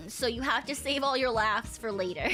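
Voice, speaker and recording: A woman's voice: fairly high pitch, lively intonation, unhurried, fairly bright tone. A young adult woman streamer chatting casually with viewers, rambling, swearing and laughing often. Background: faint music.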